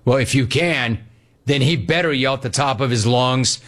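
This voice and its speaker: A man's voice: medium pitch, normal speed, a bit bright. A man hosting a sports talk radio show, giving a sarcastic and emphatic monologue.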